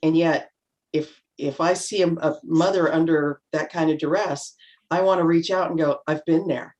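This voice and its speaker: A woman's voice: low-pitched, steady tone, normal speed, a little mellow, dull audio. A middle-aged woman talking on a panel over a video call, chatty and full of anecdotes, acting out little quotes as she goes. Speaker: panel guest. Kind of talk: casual panel talk.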